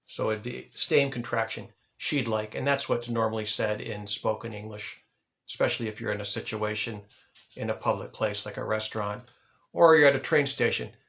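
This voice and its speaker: A man hosting an English lesson, slowly repeating example phrases and spelling words out. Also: lowish voice, gravelly, a bit bright. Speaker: ESL teacher and channel host. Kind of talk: slow, deliberate English lesson.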